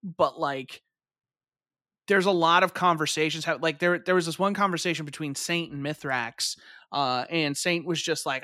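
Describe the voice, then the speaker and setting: A young man with a high, bright, ringing voice talks loosely in casual chat, stringing thoughts together with endless fillers and the odd curse word. The sound is dry and close, with no room around it. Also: moderate pace, no room sound. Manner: rambling, filler-heavy, swears freely.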